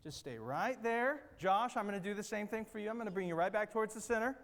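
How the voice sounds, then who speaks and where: A man's voice: high-pitched, expressive, quick pace, fairly bright tone. A man leading a children's church group activity, giving upbeat, coaxing instructions and checking often that the kids understand. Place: large room with a platform. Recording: long reverb of a big hall.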